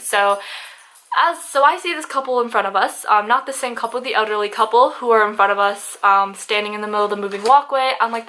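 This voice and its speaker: A nineteen-year-old woman vlogging a casual storytime, chatty and animated, swearing freely and filling with "like" and "um". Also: fairly high pitch, quick pace. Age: young adult.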